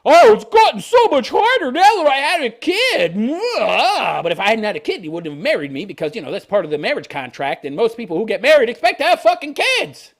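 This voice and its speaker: A man voicing a whiny, entitled young stay-at-home mother in a high mocking falsetto. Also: wildly swooping pitch, a little fast, hardly any pauses, exaggerated voice.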